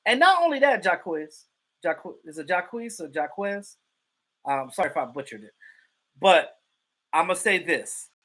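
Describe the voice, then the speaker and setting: A livestream host gives casual sports commentary and answers viewers in chat. The delivery is emphatic and profane, with points hammered home by repetition. The voice is bright and forceful and swings widely in pitch. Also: very animated, normal speed, long pauses, a little hiss or hum. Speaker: live stream host reading chat.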